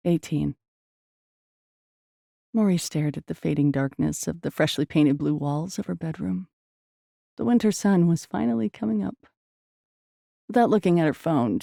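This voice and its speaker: A woman reading a romance novel aloud in an even, measured storytelling manner. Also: lowish voice, vocal fry, no room sound, clean studio sound. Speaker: audiobook narrator. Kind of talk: scripted narration.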